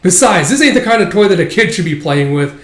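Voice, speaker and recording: Gruff scolding father, put on by a man, loud, fairly high pitch, roomy. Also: very animated, brisk.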